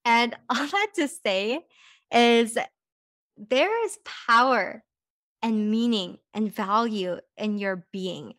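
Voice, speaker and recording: A woman's voice: fairly high pitch, animated, slow pace, fairly bright tone, no echo, clean studio sound. A young woman hosting a podcast, talking casually and reflectively, with frequent "like" and light laughs. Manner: chatty, says "like" often, laughs lightly. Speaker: podcast host.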